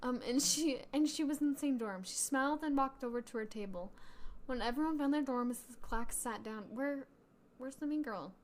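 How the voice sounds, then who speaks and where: A woman's voice: sits high, moderate pace. A woman co-hosting a casual podcast, reading a story aloud while laughing and reacting with mock outrage. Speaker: podcast co-host.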